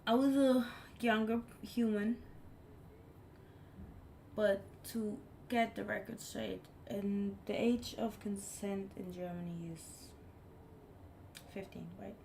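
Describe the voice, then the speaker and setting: A woman live streamer telling a story in casual chat, blunt and animated, swearing freely. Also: medium pitch, takes it slowly, gravelly, long pauses, a little hiss or hum.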